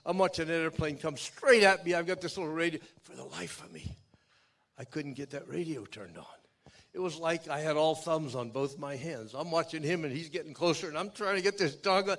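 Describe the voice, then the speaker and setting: An older man giving a keynote speech, telling a dramatic personal story in a folksy way that swings from loud to hushed. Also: on the high side, a little fast. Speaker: keynote speaker. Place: outdoor memorial event.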